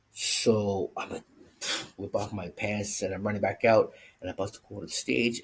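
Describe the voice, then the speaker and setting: A man vlogging, telling a personal story in a casual, animated way and acting out the voices he quotes. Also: lowish voice, breathy edge.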